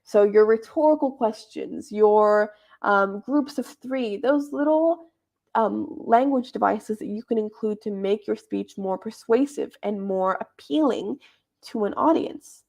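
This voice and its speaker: A young woman leads a debate club workshop, explaining the criteria for judging debates in a chatty, informal teaching style. Her medium-pitched voice is gravelly yet a little mellow, and she speaks a little slowly.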